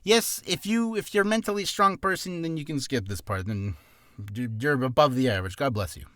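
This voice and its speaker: A man giving casual voice-acting warm-up tips in a rambling, self-deprecating way, admitting he talks fast from nerves. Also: on the high side, dry recording, studio quality. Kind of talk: casual vlog tutorial. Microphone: camera on a stand.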